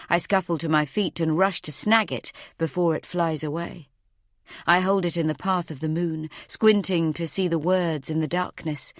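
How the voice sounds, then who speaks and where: A woman narrating a first-person thriller audiobook in a tense, measured way. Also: fairly low pitch, no echo, clean studio sound.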